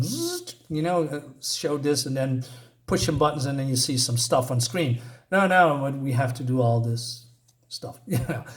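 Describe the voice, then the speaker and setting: Guy with a kinda high voice rambling thru a comic review, lots of ums and rants. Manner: rambling, ranting, lots of fillers and restarts. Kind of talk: casual spoken review.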